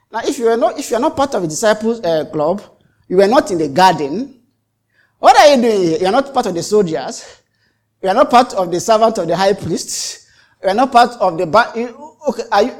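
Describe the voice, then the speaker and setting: With a mid-range, darkish voice, a preacher delivers his sermon dramatically. He keeps repeating and restarting phrases for emphasis, and he plays out each exchange he tells.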